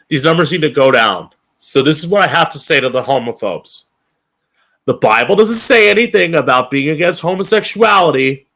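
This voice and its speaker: A man's voice: fairly high pitch, a bit bright. A young man hosting a live-streamed opinion show, ranting angrily with a lot of profanity and emphasis. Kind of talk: opinionated rant.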